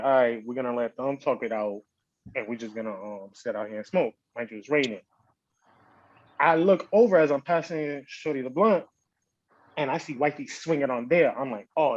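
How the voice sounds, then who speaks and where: A man's voice: mid-range voice, no room sound, highs cut off. A man on a podcast telling a story in casual slang, acting out what people said. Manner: animated, slangy storytelling with quoted voices. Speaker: podcast host.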